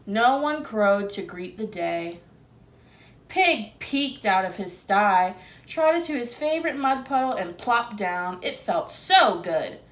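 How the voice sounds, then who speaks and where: Here a woman teacher shares a picture book with young kids, asking questions in a gentle, expressive way. Her mid-range voice takes its time.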